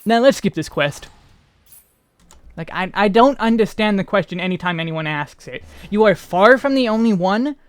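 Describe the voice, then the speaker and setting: An American man streaming a game, chatting loosely and joking at his own expense. His voice sits high for a man and comes through smooth and clean. The sound is close and dry, with no room around it. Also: animated, normal speed, no echo. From United States. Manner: rambling, self-deprecating chatter. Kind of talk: casual gameplay commentary.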